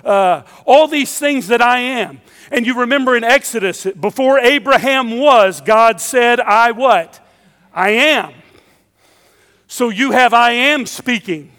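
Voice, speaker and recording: A male preacher delivers a sermon with a notably high voice, pressing his points through emphatic repetition. The sound carries a long reverb, as in a large church sanctuary. He talks straight to his congregation. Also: sharp tone. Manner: emphatic, repeating key phrases.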